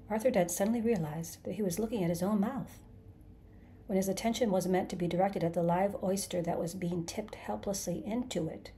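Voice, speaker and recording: A woman narrating a comic science fiction novel in a measured, dry storytelling delivery. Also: mid-range voice, warm tone, a little hiss or hum. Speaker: narrator, podcast host. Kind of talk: scripted audiobook narration.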